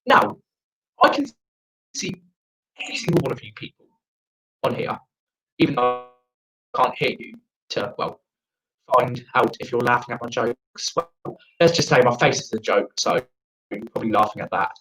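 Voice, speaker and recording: A man's voice: mid-range voice, expressive, moderate pace, pauses often, sharp tone, slight background noise, poor audio. Ranting sweary man from South Africa. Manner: profane, rambling, ranting. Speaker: stand-up comedian. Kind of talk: online open-mic stand-up. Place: friend's house, indoors. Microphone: video call.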